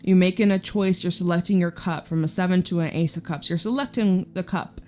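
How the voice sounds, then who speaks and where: A woman's voice: fairly low pitch, fairly even intonation, brisk, a little mellow, soft background music. A young woman giving a casual tarot reading, chatty and blunt, swearing freely and laughing often. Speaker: tarot reader.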